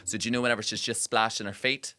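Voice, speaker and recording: Bright, punchy man. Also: lowish voice, fast talker, no echo. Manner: animated storyteller, swears freely, frequent fillers. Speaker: podcast co-host. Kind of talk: casual chat.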